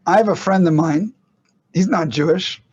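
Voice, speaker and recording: A man's voice: high-pitched, normal speed, a little mellow, husky, dull audio. A man teaching a casual online class on medical ethics, talking conversationally with restarts and rhetorical questions.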